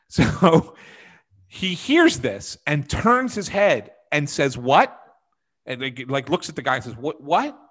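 A man's voice: medium pitch, fairly bright tone. A man on a podcast telling a rambling anecdote from his time as a hockey beat writer, full of fillers and restarts. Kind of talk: casual podcast storytelling.

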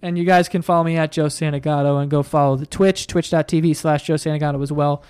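A man's voice: on the high side, fairly even intonation, quick pace, a little mellow, clean tone. A young man from New hosting a podcast, telling stories animatedly and swearing a lot. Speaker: podcast host. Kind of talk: casual chat.

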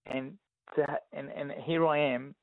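A man's voice: a little high, fairly even intonation, unhurried, no echo. An Australian man in his thirties, a boxer telling stories in an interview, often saying "you know what I mean". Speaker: guest boxer. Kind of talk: casual interview storytelling. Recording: dry tinny phone-like sound.

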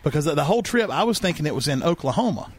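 A man's voice: fairly high pitch, very fast, husky, no echo. A man co-hosting a podcast in casual chat, telling stories and acting out what his friends said. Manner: animated storyteller, acts out friends' lines. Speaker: podcast co-host.

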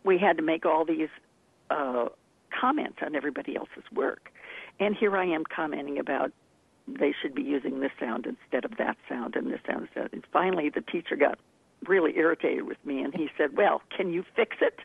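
A woman accent coach telling stories in an animated way as an interview guest, laughing often. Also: sits low, fairly quick, creaky, slightly rough, dry recording. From Texas, part of childhood. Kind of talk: interview over the phone. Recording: tinny phone line.

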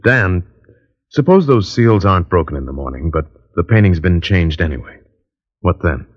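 A man's voice: sits low, animated, normal speed, slightly rough. An actor playing an eager, worried young male artist, in 1940s radio acting. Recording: dull old radio recording.

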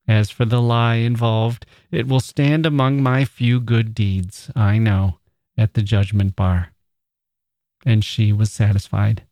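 A man reading a nineteenth-century story aloud as a podcast host, in a measured, deliberate manner. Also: fairly low pitch, steady tone, mellow, no room sound, clean studio sound.

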